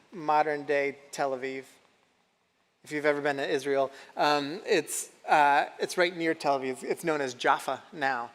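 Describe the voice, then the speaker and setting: Male preacher, high voice, chatty sermon that quizzes the congregation, long hall reverb. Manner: conversational, asks the congregation questions. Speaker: pastor. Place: church sanctuary.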